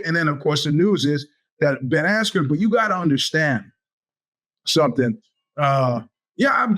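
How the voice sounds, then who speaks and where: A man in his fifties tells a winding story as a podcast host. He talks in a slightly high voice and jumps into the voices of the people he quotes. The delivery is loose and animated. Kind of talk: storytelling monologue.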